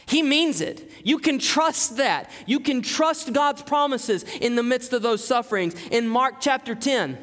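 A man's voice: high voice, a bit bright. A male preacher giving a sermon, telling stories and acting out quotes with dramatic emphasis. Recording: long hall reverb.

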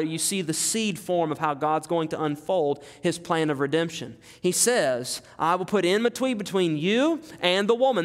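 High-voiced man preaching in a reverberant hall. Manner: emphatic, rhetorical questions, repeats phrases for stress. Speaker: pastor. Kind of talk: expository sermon.

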